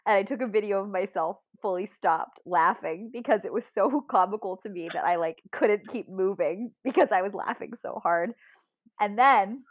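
This is a podcast co-host, a woman with a medium-pitched voice, laughing often as she tells lively stories during a casual, giggly conversation. The sound is dry and phone-quality.

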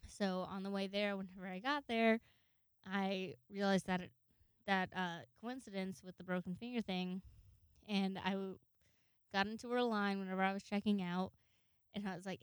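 A woman's voice: mid-range voice, steady tone, normal speed, clear, resonant tone, no echo. A young woman casually telling stories to her viewers, chatty and profane, laughing often. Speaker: vlogger. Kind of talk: casual storytelling to camera.

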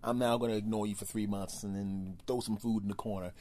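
A man's voice: fairly low pitch, steady tone, quick pace, darkish tone, voice pushed down, natural voice. A man voicing an aloof house cat in a lazy, dismissive drawl.

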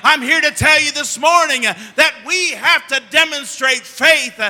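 A man pastor preaches with fervor in a church sanctuary, climbing to loud emphasis and then falling back to soft asides. His voice is very high and strikingly bright. A long hall reverb trails every phrase. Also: a little slow. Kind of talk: sermon.

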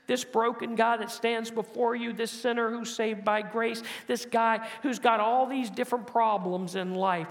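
A pastor preaches a sermon, building to loud, emphatic phrases and then dropping soft and low to finish each point. His intonation is fairly even, his pace moderate, with hardly any pauses. A long hall reverb fills the recording.

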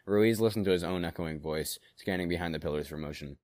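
A man with a deep, low voice reads a story aloud. He shifts into the characters' lines as they come up. The sound is dry and close to the mic. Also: fast talker, no room sound. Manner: acts out characters in dialogue, shouting and growling. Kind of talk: reading a fan story aloud, voicing characters.

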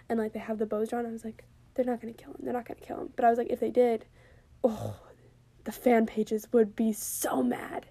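A young woman talks through her opinions on a TV episode in a casual, heated monologue, peppered with fillers and swearing. Her voice sits a touch high with a mellow, soft tone. The sound is dry and close, with no room around it. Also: dry recording. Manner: heated, profane, many fillers and quoted asides. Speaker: TV episode reviewer.

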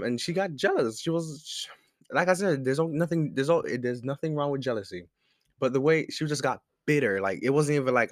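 A young man tells a story to the camera from his desk at home. His voice is mid-pitched, rambling and laid-back, with plenty of swearing and laughter. The sound is dry and close. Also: fairly bright tone, dry recording. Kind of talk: casual storytime vlog.

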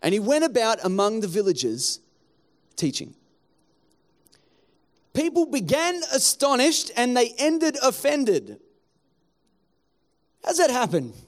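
High-voiced pastor preaching. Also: male voice, slow pace, pauses often. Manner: animated preaching, acts out townspeople in quotes. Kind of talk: sermon.

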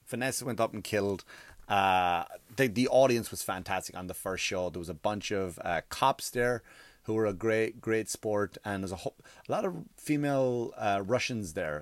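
A man's voice: lowish voice, dry recording. A male stand-up comedian telling a rambling, profane story in casual chat, sounding exasperated.

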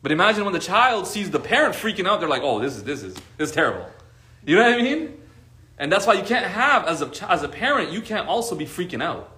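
Recorded in an echoey room, a man leads a casual study class for a group, talking fast in a high, pushed, bright voice with lively intonation. He speaks conversationally, often checking in with rhetorical questions and sprinkling in Arabic religious expressions.

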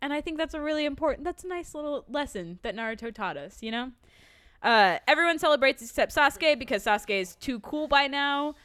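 Woman co-host, casual recap, animated storyteller, slightly high, dry close sound. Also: fairly quick, dry recording. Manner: animated retelling, acting out characters' lines; swearing, sarcastic. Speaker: podcast co-host recapping an anime. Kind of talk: casual chat.

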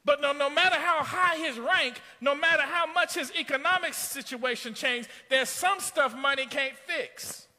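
A high-voiced male preacher with a very bright, piercing tone tells a story from the pulpit and climbs into shouts. His voice rings out with a long hall reverb in a church sanctuary. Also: moderate pace, hardly any pauses. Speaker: pastor. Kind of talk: sermon.

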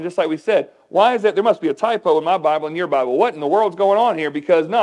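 Male pastor, animated conversational sermon, slightly high voice. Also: quick pace, few pauses, rough recording. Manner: animated, conversational preaching with audience questions.

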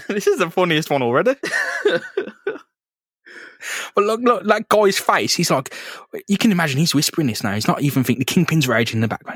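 A man's voice: mid-range voice, big pitch swings, fast talker, fairly bright tone, slightly rough, no room sound, studio quality. A man co-hosting a podcast in casual comic chat, swearing freely and acting out characters with a laugh. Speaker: podcast co-host.

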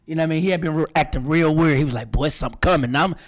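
A man's voice: a little high, rapid-fire. A man hosting a podcast, telling his radio career story in casual chat and acting out what people said. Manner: animated, acts out quotes. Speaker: podcast host, radio personality.

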